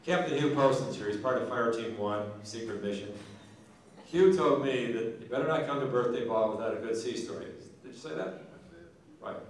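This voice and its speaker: A man's voice: medium pitch, moderate pace, noisy background. A man telling a rambling, folksy joke to the crowd at a Marine Corps birthday ball. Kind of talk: after-dinner joke telling. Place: large banquet hall. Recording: echoey banquet hall, distant mic.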